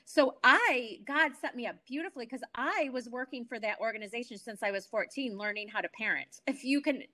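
A woman in her forties, appearing as a talk show guest, tells an emotional personal story from home with lots of animation and many restarts. Her voice is fairly high and she speaks fairly quickly.

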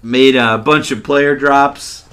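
A man's voice: medium pitch, steady tone, slow pace, a bit bright, smooth. A man co-hosting a podcast, trading dry, sarcastic banter in casual chat. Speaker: podcast co-host.

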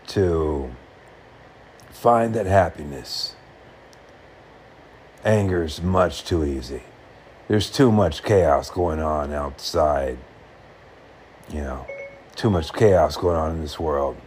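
A man talking earnestly to the camera in short, halting phrases, reflecting on happiness. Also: rumbling low, a little mellow, slight background noise.

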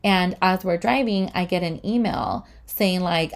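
A woman's voice: lowish voice, unhurried. A young woman in casual storytime talk, chatty and full of swearing and "like". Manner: chatty, swears a lot, uses "like" often. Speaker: vlogger.

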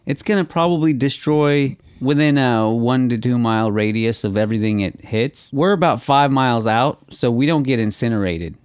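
A man's voice: mid-range voice, moderate pace, few pauses, darkish tone, clean tone, dry recording, clean studio sound. A man co-hosting a podcast in casual chat, rambling, laughing often and swearing freely. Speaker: podcast co-host.

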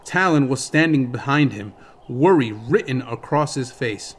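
A man with a mid-range voice narrates a fantasy novel as an audiobook, reading the script in a steady, measured storytelling style.

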